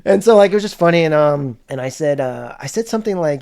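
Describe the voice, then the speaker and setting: A man's voice: a little high, animated, racing, hardly any pauses. A young man telling work stories in casual podcast chat, cursing often and filling his talk with "like". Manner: swearing, storytelling with lots of "like". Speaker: podcast host.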